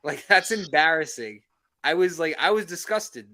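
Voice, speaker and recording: Guy on a sports stream, kinda high bright voice, rants and laughs a lot. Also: normal speed. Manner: animated, swearing, laughs often. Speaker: co-host of a sports call-in stream. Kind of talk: casual sports chat.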